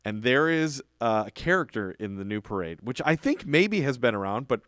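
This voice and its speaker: Male podcast co-host, mid pitch, animated storyteller, dry close sound. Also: moderate pace, no room sound. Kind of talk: casual chat.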